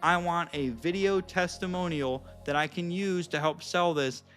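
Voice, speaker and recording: Young male vlogger, bro-ish and profane, bright higher voice, quick little acted bits, light music underneath. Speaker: vlogger and social skills coach. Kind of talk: casual vlog talk to camera.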